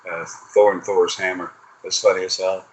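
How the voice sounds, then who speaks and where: A man's voice: sits low, flat delivery, moderate pace, poor audio. A man giving a casual spiritual reading over a video call, rambling and swearing, with many fillers and restarts. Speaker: spiritual reader.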